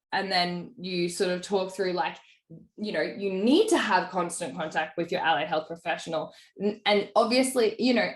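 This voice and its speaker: A woman business coach talks through a sales call casually, her chatty speech packed with fillers as she acts out what clients said. Her voice sits in the mid range, and the room is echoey.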